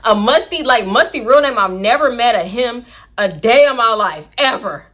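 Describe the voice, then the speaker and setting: Young houston girl doing a storytime vlog, bright, animated, keeps acting out everybody. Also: on the high side, normal speed. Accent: Southern US, Houston. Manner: animated, acts out voices of people in the story. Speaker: storytime vlogger. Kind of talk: casual storytelling.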